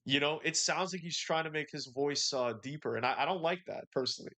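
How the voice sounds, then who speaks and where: A man's voice: on the high side, quick pace, pushed and bright. Laid-back slangy man hosting a livestream. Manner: laid-back and slangy, reads out and answers chat. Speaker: livestream host. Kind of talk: casual livestream chat.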